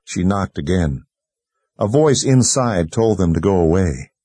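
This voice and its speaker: A man reading a fantasy novel aloud in steady scripted narration. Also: deep voice, unhurried, no echo. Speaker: audiobook narrator.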